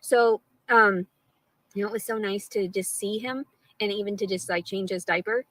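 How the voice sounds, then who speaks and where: A woman's voice: medium pitch, fairly even intonation, normal speed, a bit bright, no room sound, poor audio. A woman talking straight to her live stream audience, rambling and swearing a lot, with an aggrieved tone. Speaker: livestreamer.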